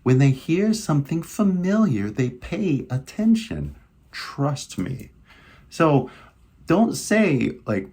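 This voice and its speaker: This young English teacher has a Californian American accent and a medium-pitched, husky voice that's creaky and darkish in tone. He speaks slowly in a sing-song way, giving a loose, casual lesson. His chatty delivery is packed with fillers like "like" and "right?"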